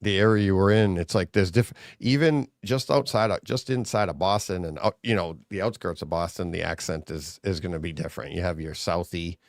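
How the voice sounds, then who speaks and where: This is a low-voiced, gravelly man in easygoing chat, sounding close and dry with no room around him. He rambles and thinks out loud, restarting his sentences as he goes. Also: fairly quick, few pauses, no echo. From New England. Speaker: co-host. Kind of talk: casual chat on a live stream.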